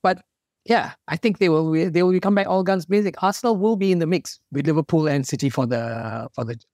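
A man's voice: a little high, fairly quick, a little mellow, no echo. Upbeat male football pundit, dry sound. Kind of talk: casual studio chat.

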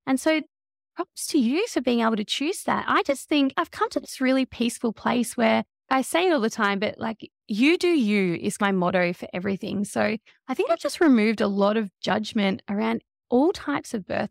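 A woman in her thirties tells her story as a podcast guest, emotional and animated. Her voice sits a little high and has a gravelly fry running through it. The recording is dry and close. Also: moderate pace, dry recording. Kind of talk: conversational interview.

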